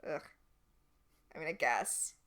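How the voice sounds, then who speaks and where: A woman co-hosting a podcast, recapping a TV episode in casual chat with wry, critical asides. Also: fairly bright tone. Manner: chatty, wry and quick to critique. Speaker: podcast co-host.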